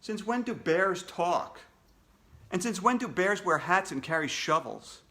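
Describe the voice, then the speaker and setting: A man's voice: high voice, lively intonation, unhurried, pushed and bright, full character voice. A man voicing a skeptical schoolteacher in a storybook read-aloud, speaking dry and doubtful. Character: skeptical middle-aged male schoolteacher, dry.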